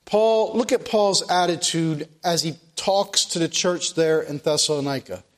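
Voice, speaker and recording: A man's voice: on the high side, unhurried. A man preaching a sermon, quoting scripture in old-style wording and repeating key phrases. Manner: repeats phrases, quotes King James scripture.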